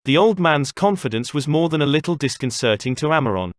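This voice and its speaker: A man reading an audiobook as its narrator, in a steady storytelling manner. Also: a little high, brisk, no room sound, studio quality. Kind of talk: scripted narration.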